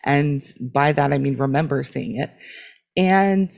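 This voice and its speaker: A woman's voice: sits low, unhurried, gravelly, a little mellow, highs cut off. A woman co-hosting a podcast in easygoing casual chat, laughing often. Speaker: podcast co-host.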